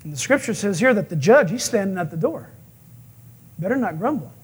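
Male pastor, sermon, high voice, husky, animated storyteller. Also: fast talker. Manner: animated storyteller, acts out quotes, chuckles.

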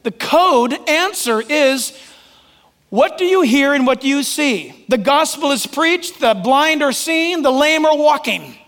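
Pastor guy preaching, very high voice, calls out people by name, echoey church. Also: lively intonation, measured pace, a bit bright. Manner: emphatic, calls on listeners by name, joking. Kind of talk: sermon.

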